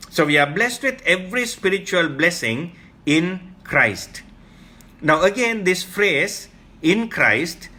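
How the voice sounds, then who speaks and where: Male Bible teacher with a bright, fairly high voice; earnest, emphatic sermon delivery, slowing down to explain terms. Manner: earnest, emphatic, repeats key phrases; explains Greek terms slowly.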